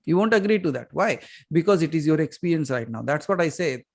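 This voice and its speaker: Male spiritual teacher, lively storyteller, a little high-pitched, plenty of rhetorical questions. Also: quick pace, gravelly. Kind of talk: Q&A session on a video call.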